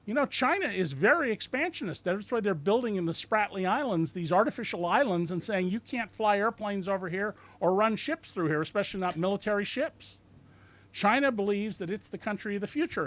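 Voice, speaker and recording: A man in his sixties lectures an audience in a bookstore, his voice sitting high for a man. He tells his stories with a sardonic bite and mimics the people he quotes to mock them. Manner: lively, sardonic storytelling with mocking quoted voices. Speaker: author giving a bookstore talk. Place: bookstore event room.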